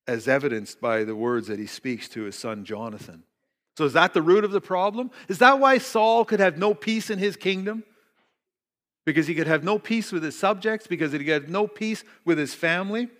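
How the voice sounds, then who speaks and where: A middle-aged man preaches a sermon, retelling a story with animated asides and an occasional joke. His voice sits a little high for a man. The sound carries a long reverb, as in a church sanctuary. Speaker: pastor. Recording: reverberant hall.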